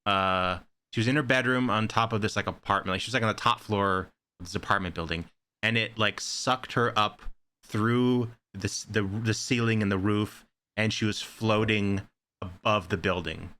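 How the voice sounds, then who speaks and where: A man co-hosting a casual horror podcast, rambling excitedly with lots of "like" fillers. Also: on the low side, moderate pace. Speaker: podcast co-host. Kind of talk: casual chat.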